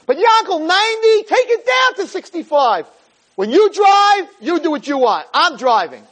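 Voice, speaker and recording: A man voicing a middle-aged wife who yells at her husband in a shrill, scolding way. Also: very animated, normal speed, slight background noise, exaggerated voice.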